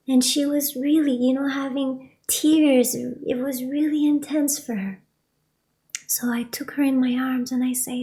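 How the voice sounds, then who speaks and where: A woman, a spiritual teacher, telling a personal story in a soft voice that often drops to a whisper. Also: high voice, fairly even intonation, measured pace.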